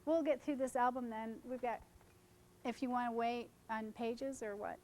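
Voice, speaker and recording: A woman photographer speaks to a seminar room full of colleagues, her voice sitting high. She tells stories from her work with lots of life and acts out the people in them, picked up by a stage microphone. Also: normal speed, a little hiss or hum. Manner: animated storyteller who acts out quoted people. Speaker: wedding photographer presenting to colleagues. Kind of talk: seminar talk with storytelling.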